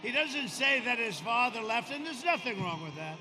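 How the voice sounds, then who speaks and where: A man in his seventies giving a rambling, boastful campaign rally speech outdoors, swinging from shouting to quieter confiding asides. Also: very high-pitched, very animated, normal speed. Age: 70s. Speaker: politician speaking at a campaign rally. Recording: outdoor rally PA with crowd noise. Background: crowd ambience.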